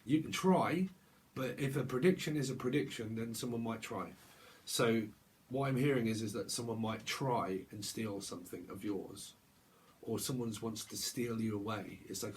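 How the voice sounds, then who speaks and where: A man's voice: on the low side, moderate pace, a little hiss or hum. A man giving a casual tarot reading on camera, rambling and playing with words. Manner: rambling, playful wordplay, laughs often. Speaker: tarot reader.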